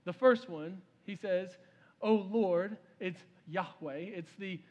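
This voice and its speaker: A male pastor preaching in a church sanctuary, his fairly high voice carrying through a long, ringing reverb. He tells his story with feeling and acts out the characters' words. He speaks straight to the congregation. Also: slow pace, muffled recording. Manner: storytelling preacher, voices the king's words, addresses the crowd as "y'all". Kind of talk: sermon. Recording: long reverb of a large hall.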